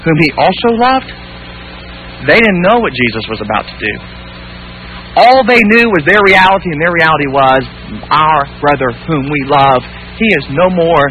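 A male pastor with a high, very bright voice delivers a sermon in church. He swings from loud, pressing emphasis to hushed tenderness and keeps asking the congregation rhetorical questions. A faint mains hum runs under the recording. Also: rough recording.

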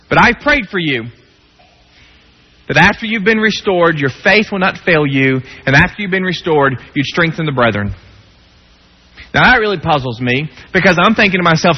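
Male preacher, dramatic swings from hushed to pleading, muffled lo-fi sound. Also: lively intonation, moderate pace, husky. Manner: dramatic, swings between hushed low tones and raised pleading. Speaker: pastor. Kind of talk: sermon. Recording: dull lo-fi sound with long hall reverb.

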